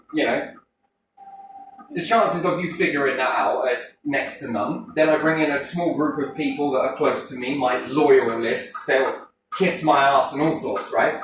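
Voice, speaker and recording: Playful man, rambling and swearing, slightly high voice, very echoey room. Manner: animated, cheeky, swears freely, acts out quotes. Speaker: speaker addressing a group. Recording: echoey room, distant mic, faint noise.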